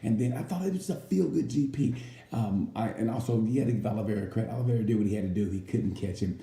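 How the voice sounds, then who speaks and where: Talking fast in a warm, low-leaning voice, a racing commentator rambles jokily through a casual motorcycle race chat, now and then breaking into playful impressions. There's a roomy feel to the recording and a faint hum of background noise.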